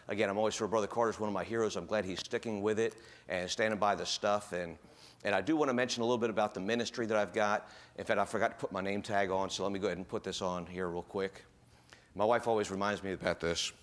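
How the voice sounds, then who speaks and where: A man's voice: on the low side, a bit bright. A man in his fifties, speaking as a guest at a church in a folksy, rambling way, full of fillers and restarts. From United States. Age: 50s. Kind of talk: informal church talk.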